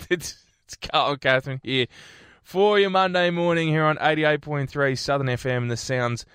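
A man's voice: on the high side, moderate pace, fairly bright tone, clear, resonant tone, no room sound, clean studio sound. A man co-hosting a morning radio show, joking and teasing in casual banter with frequent laughs. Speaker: radio host. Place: radio studio. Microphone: studio microphone.

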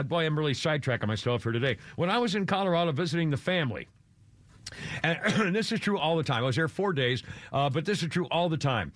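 This is a male radio host sitting close to a dry studio mic. His voice sits a little high. He rambles from topic to topic, laughs often and pokes fun at himself while he chats with callers and comments on the news. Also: fairly bright tone, dry recording. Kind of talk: talk radio chat and commentary.

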